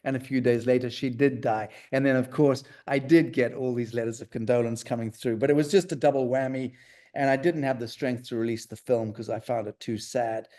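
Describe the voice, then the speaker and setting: A man's voice: medium pitch, steady tone, a little fast, mellow. A man speaking as an interview guest in a rambling, conversational way, full of fillers and restarts.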